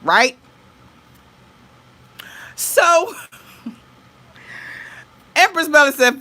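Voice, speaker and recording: A woman recounts a story straight to her viewers. She talks in a loose, chatty way, acts out the dialogue and swears freely. Her voice is bright and forward. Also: very high-pitched, drawn-out words, pauses often. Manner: animated, laughing, swearing, acting out dialogue. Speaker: vlogger.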